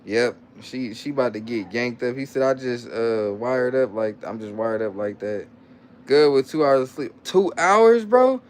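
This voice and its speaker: Over slight background noise, a man with a mid-range, darkish voice runs a casual livestream. He reads comments from viewers aloud, repeats things in loose slang, and playfully coaxes his child.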